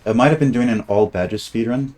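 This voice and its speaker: A man's voice: medium pitch, brisk, a little mellow. A man streaming a game, chatting casually and thinking aloud as he plays, often trailing off and restarting. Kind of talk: casual gameplay commentary.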